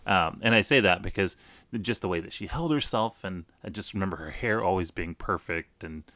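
A middle-aged man telling a personal story casually, animated, with many restarts. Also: sits low, fairly quick, dry recording. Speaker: guest storyteller.

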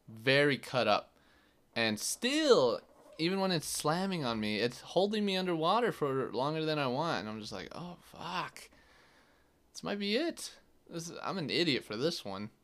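A man's voice: fairly low pitch, a bit bright, clean tone. A young man hosting his own podcast, telling a story in a loose, casual way, full of fillers and swearing. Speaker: podcast host.

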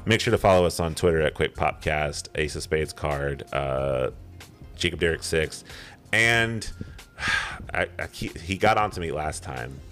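A man's voice: rumbling low, unhurried, fairly bright tone, soft background music. A man in his thirties co-hosting a podcast, chatting casually and rambling off on tangents with chuckles. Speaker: podcast co-host.

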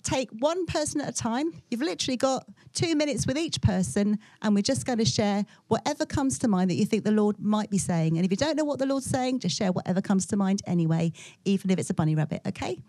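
A woman giving instructions to a group in a brisk, friendly way, with laughing asides. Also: mid-range voice, lively intonation, mellow, no echo. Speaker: workshop leader.

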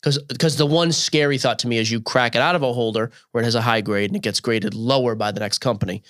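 A man co-hosting a podcast in casual chat, his voice hoarse, giving blunt, quick answers. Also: mid-range voice, a bit bright, dry recording, studio quality. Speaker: podcast co-host.

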